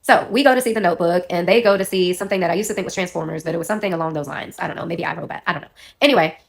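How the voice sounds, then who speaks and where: A woman in her thirties who is under the weather, telling a personal storytime in a quick, rambling way and correcting herself as she goes. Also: on the low side, vocal fry. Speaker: storyteller in a clip.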